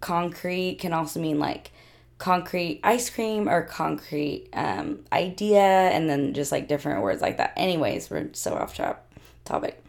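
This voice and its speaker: A young woman with a hoarse, worn-out voice chats casually as a podcast co-host. Her low voice has a gravelly fry, and she talks in a chatty way with lots of fillers and frequent laughs. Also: animated, a little slow, a little mellow. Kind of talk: casual chat.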